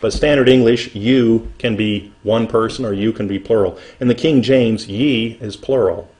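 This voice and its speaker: Middle-aged male pastor, earnest sermon delivery, reads verses slowly and lifts his voice for emphasis. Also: on the low side, fairly even intonation, darkish tone. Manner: earnest preaching, reading scripture slowly and rising in emphasis.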